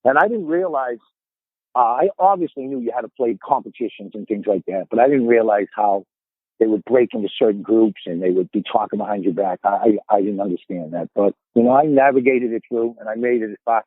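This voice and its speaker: A man's voice: lowish voice, brisk, no room sound. Boston man rambling over a tinny line. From Boston area, USA. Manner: rambling, repeats words as he starts sentences. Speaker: podcast guest. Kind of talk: casual storytelling chat.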